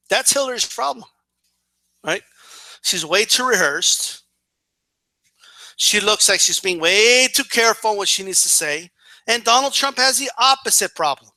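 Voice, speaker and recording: A man's voice: sits high, bright, forceful tone, no room sound. A man giving profane, emphatic political commentary in a casual rant, full of fillers and "right?" tags.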